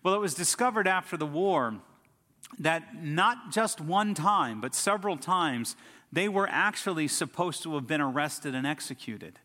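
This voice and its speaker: A man's voice: a little high, expressive, unhurried, sharp tone, in a large hall. A middle-aged man preaching a sermon as a pastor, telling stories and building emphatic lists. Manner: storytelling preacher, emphatic lists and rising outbursts.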